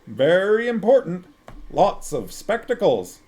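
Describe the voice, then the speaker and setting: A man's voice: high voice, very animated, slow pace, a little mellow, voice pushed up, full character voice. Pompous storybook monarchist, ponderous and lecturing, slightly raised voice, a male reader doing him. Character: pompous pipe-smoking man, lecturing monarchist.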